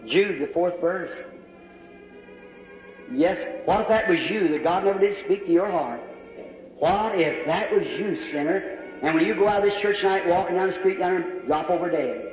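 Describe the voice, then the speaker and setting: In a large church with a balcony and box seats, a man preaches an altar call and prayer at a moderate pace, his voice riding high as he pleads fervently and repeats his appeals over and over. Soft music plays underneath, and the old, dull recording picks him up from far away in a long, echoing hall.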